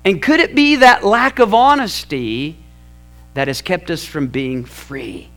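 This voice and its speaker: A man preaching a sermon in a conversational, storytelling way with self-mocking humor, swinging between loud lines and hushed ones. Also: high-pitched, takes it slowly. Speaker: pastor.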